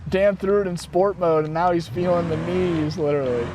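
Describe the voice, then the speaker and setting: A man live-streaming from inside his van, chatting casually with viewers and his dog, excitable and swearing freely. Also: high voice, moderate pace, noisy background. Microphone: desk mic.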